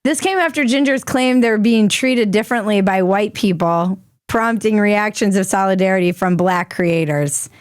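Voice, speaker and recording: A woman's voice: mid-range voice, normal speed, no room sound, clean studio sound. A woman hosting a comedic news commentary show, irreverent and crude in her jokes. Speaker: host.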